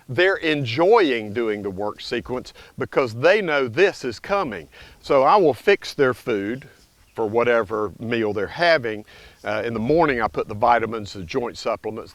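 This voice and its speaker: A man's voice: medium pitch, no room sound. A middle-aged man, a dog trainer, explains in a casual, conversational way in his home kitchen, breaking off to give short, firm commands to a dog. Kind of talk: casual instructional vlog.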